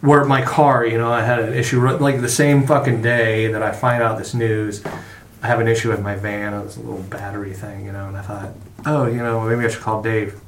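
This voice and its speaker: A middle-aged man, a podcast guest, talking casually in a halting, profane way with many restarts. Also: fairly low pitch, flat delivery, a little hiss or hum. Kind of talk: casual conversation. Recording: roomy echo.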